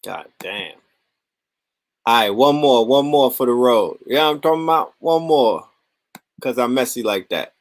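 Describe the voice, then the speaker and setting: A man's voice: medium pitch, expressive, measured pace, no echo, clean studio sound. A man hosting a podcast who sets up clips in a laid-back, amused way. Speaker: podcast host. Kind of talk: casual chat.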